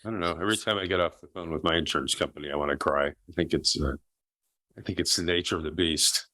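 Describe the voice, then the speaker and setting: A man's voice: sits low, steady tone, fast talker, bright, forceful tone, dry recording. A man leading a recovery support group over a video call, reassuring and easygoing. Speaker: group facilitator.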